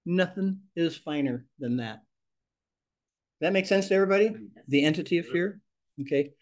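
A man with a fairly high voice teaches a ministry class. He talks in an animated, expressive way and speaks the sample prayers aloud as he goes. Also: normal speed.

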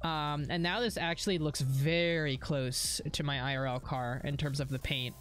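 A woman's voice: low voice, steady tone, normal speed, faint music behind. Casual, swearing young woman streamer. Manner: chatty, swears freely, reads chat aloud. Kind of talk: casual live-stream chat while gaming.

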